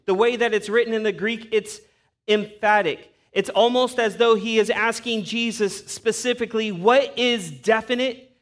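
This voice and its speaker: A man's voice: high voice, a bit bright. A man preaching a sermon as pastor, earnest and emphatic.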